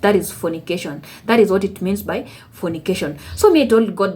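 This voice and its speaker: A woman's voice: medium pitch, fairly quick, a little mellow. A woman with a Kenyan accent telling her faith testimony on her channel and acting out her conversations with God. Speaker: vlogger. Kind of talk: personal testimony storytelling.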